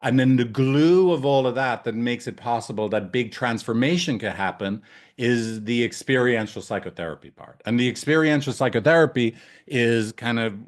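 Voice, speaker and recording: A man's voice: medium pitch, normal speed. Jokey, swearing male therapy trainer. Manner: loose, jokey, profane, tangents. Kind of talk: casual training talk.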